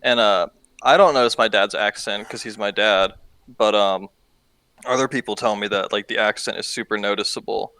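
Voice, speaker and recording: A man's voice: fairly low pitch, steady tone, moderate pace, sharp tone, smooth, dry recording, rough recording. A man hosting a podcast in a chatty, slangy way, swearing freely. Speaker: podcast host. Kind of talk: casual podcast chat.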